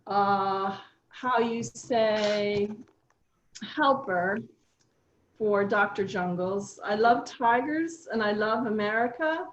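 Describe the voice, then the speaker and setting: A woman's voice: fairly high pitch, muffled recording, slight background noise. A woman voicing a cheerful foreign female helper at an animal park, in a put-on accent with broken English, reading a murder-mystery party script over a video call. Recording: roomy video call audio.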